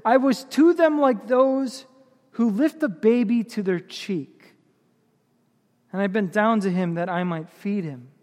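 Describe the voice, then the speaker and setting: A man's voice: sits high, a little slow, a little mellow, long reverb tail. A man preaching a sermon as pastor, with impassioned, building emphasis.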